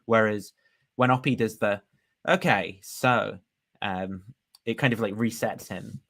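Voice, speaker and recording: Low-voiced man, rambling host commentary. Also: fairly even intonation, moderate pace, fairly bright tone. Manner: rambling, chatty, laughs at himself. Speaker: host reviewing a discussion. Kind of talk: casual commentary.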